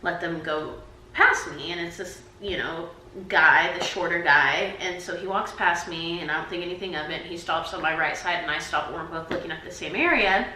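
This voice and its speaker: A woman's voice: on the low side, brisk, pushed and bright, reverberant, a little hiss or hum, low-quality recording. A woman in her twenties vlogging to her camera, telling stories in a chatty way full of "like". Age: 20s. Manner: chatty, peppered with "like". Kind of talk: casual storytelling to camera. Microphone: camera mic.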